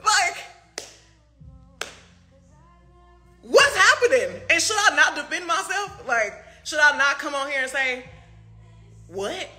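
Heated, bright-voiced woman ranting. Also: high-pitched, expressive, slow pace, long pauses, faint music behind. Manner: profane, fires off rhetorical questions. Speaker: artist speaking to fans. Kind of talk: heated livestream rant.

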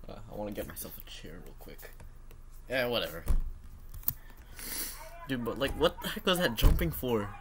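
A teenage boy hosting a casual reaction video at home, excitable and self-mocking, saying "bro" a lot. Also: mid-range voice, normal speed, pauses often, a little hiss or hum. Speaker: channel host reacting to his own old basketball video.

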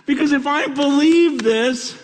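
A middle-aged man gives a conference sermon in a strikingly high voice. He speaks earnestly, often repeating words as he restarts, and his voice rises into pleading. The sound carries a long reverb from a large hall. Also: unhurried. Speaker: preacher.

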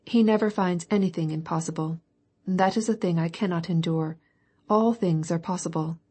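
A woman's voice: lowish voice, moderate pace, darkish tone, husky. A woman reading an audiobook voicing a jovial, blustering old count. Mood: hearty. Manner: hearty, blustering. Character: jovial grey-haired old count, indulgent husband.

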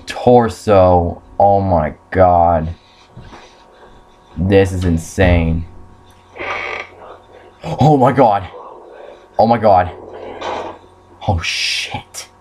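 A man's voice: low-pitched, extremely slow, long pauses, mellow, slight background noise. A young man commenting on a horror game playthrough, swearing often and yelping when startled. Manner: swears a lot, jumpy and startled. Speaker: gamer.

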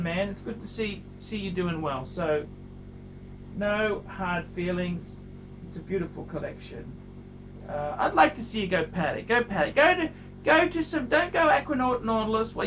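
A middle-aged man, rambling in a self-pitying vlog monologue, repeating himself with big swings in pitch. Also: gravelly, bright, forceful tone. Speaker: watch vlogger. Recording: distant mic with faint background noise.

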